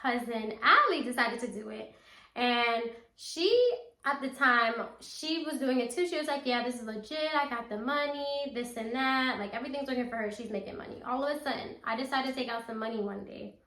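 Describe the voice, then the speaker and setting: A young woman tells a story straight to her viewers, acting out every quote with animated asides. Her voice sits high and bright, and the room around her rings with echo. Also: fairly quick. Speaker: storytime vlogger. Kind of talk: casual storytelling to camera. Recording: echoey room.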